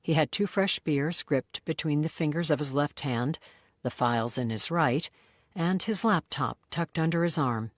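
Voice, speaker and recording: With studio-quality audio and a medium-pitched voice, an audiobook narrator delivers scripted narration of a crime novel in a steady, measured storytelling style.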